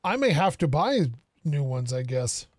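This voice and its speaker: A man's voice: a little high, sing-song, measured pace, no echo, studio quality. A man streaming a game, casually thinking aloud and joking with the characters on screen. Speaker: gaming streamer. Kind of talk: casual gameplay commentary.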